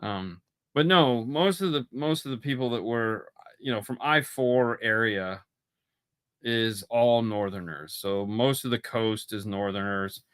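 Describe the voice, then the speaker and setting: A man's voice: mid-range voice, unhurried, smooth. A man co-hosting a casual podcast chat, telling stories and slipping into imitation voices. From Florida. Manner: animated storyteller, slips into imitation voices. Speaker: podcast co-host.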